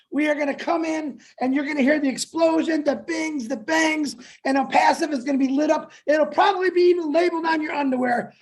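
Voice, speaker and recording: A man from the United States co-hosting a livestream, loud and pumped-up as he shouts out greetings to viewers over a video call. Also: very high-pitched. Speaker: co-host. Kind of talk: hyped-up livestream shout-outs.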